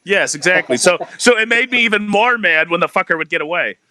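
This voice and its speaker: Man, casual chat, animated, lively pitch, slightly high, dry mic. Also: fast. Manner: animated, laughing, swears a lot.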